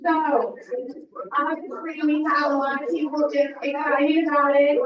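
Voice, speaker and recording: Woman with a high voice thanking people, slow and earnest, sounds dull and echoey and far away like a replayed video. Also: little pitch movement. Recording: muffled, distant, very echoey video playback.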